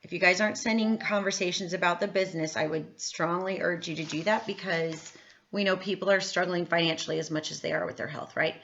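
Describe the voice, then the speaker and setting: A woman's voice: on the low side, fairly even intonation, fairly quick, fairly bright tone, slight background noise. Chatty upbeat woman, lo-fi sound. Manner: chatty, upbeat, lots of fillers and "like". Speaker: network marketing trainer. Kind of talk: casual training talk. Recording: slightly dull lo-fi audio.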